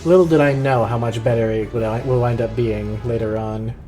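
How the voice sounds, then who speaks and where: A man's voice: mid-range voice, fairly even intonation, normal speed, warm tone, faint music behind. Rambling man streaming a video game. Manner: rambling, with frequent um fillers. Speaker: livestreamer. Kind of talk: casual gameplay commentary.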